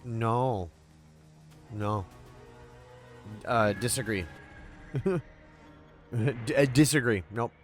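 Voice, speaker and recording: A man streaming a game, joking with his chat in a loose, rambling way and swearing freely. His voice sits at an ordinary middle pitch, with faint music in the background. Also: drawn-out words, long pauses. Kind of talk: casual livestream chat while gaming.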